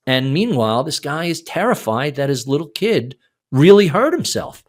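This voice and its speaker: A man in his sixties, a podcast guest, telling a story in a casual interview, animated and casually profane. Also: mid-range voice, brisk, gravelly. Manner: animated, acts out quoted lines, swears casually.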